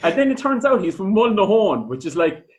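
A man's voice: high voice, big pitch swings, fast talker, poor audio. A young Irish man hosting a podcast, chatty and swearing freely. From Ireland. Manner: chatty, swears freely, laughs while telling stories. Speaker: podcast host. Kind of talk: casual chat.

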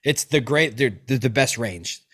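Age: adult. Sex: man. Role: podcast host. Style: casual chat, profane storytelling, lots of restarts. Pitch: medium. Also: lively intonation, moderate pace, breathy edge.

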